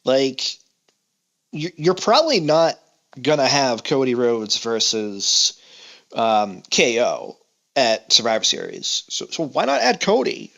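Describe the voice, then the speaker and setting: A man co-hosting a casual podcast, talking in an animated way and acting out quotes. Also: mid-range voice, a little slow, vocal fry. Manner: animated, acts out quotes in voices. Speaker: podcast co-host. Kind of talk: casual wrestling chat.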